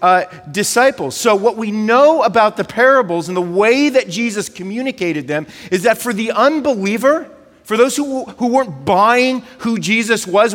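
A male pastor, giving a conversational, animated sermon and leaning on filler words. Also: high-pitched, big-room sound.

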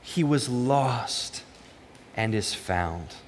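A man reading scripture aloud, voicing a gentle loving old father in a reverberant hall. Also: mid-range voice, lively intonation, extremely slow, slight background noise, pitched below the performer's own voice. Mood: tender.

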